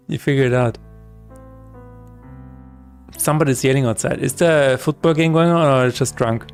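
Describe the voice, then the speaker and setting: A man's voice: medium pitch, normal speed, gravelly, long pauses, clean tone, faint music behind. A man streaming his game-development work who chats casually, jokes and rambles through asides, laughing often. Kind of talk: casual live-stream chat while coding.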